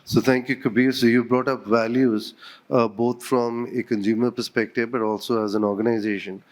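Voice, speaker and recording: Brief: male panel moderator, mid-pitched, summarizing and passing the floor. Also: little pitch movement, moderate pace. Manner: summarizing, hands over to speakers.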